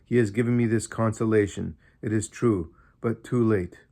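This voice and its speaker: A man reading as a dying mother, soft and sorrowful. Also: fairly low pitch, fairly even intonation, normal speed, close to an everyday voice. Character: ill, tearful mother speaking to her little daughter.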